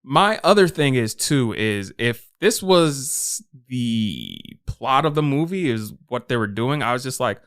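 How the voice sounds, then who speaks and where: Profane, animated man reviewing films. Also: mid-range voice, unhurried, hardly any pauses. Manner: animated, profane, acts out his own reactions. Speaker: podcast co-host. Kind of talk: casual film review chat.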